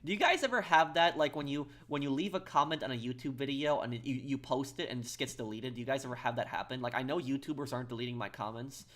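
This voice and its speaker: A man streaming a game and talking casually to his viewers in a mid-pitched voice. He stumbles and repeats words as he reads out their comments. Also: a bit bright. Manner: halting, repeats words, reads chat aloud. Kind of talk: casual live-stream chat.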